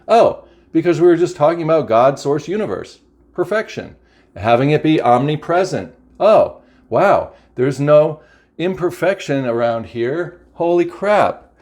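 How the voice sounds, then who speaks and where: A man's voice: fairly high pitch, big pitch swings, a little slow, a little mellow. A man giving a casual, enthusiastic spiritual oracle card reading to a camera, often exclaiming and repeating phrases. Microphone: camera mic.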